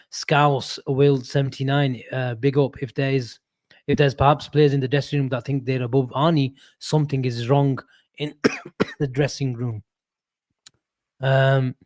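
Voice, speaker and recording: A man's voice: medium pitch, a little mellow, no echo. Chatty man reading viewer comments, dry sound. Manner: chatty, thanking viewers by name. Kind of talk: live stream chat.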